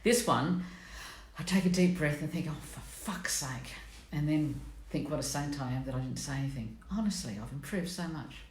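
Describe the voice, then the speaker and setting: A middle-aged woman with a deep, darkish voice hosts a personality coaching live stream, speaking fairly quickly. She chats bluntly and mocks herself, greeting viewers by name, and the room sounds echoey.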